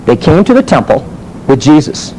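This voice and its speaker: Minister teaching a sermon, animated and questioning, higher voice with lots of swing. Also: male voice, normal speed, a little hiss or hum, poor audio. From United States. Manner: animated storytelling with rhetorical questions.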